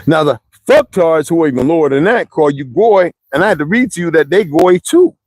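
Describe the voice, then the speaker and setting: A man's voice: a little high, animated, brisk, a little mellow. A man rants straight at his audience, blunt and profane, rambling from one story to the next in thick slang. The sound is close and dry, with no room echo. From United States. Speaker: streamer ranting to viewers. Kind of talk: profane monologue to camera.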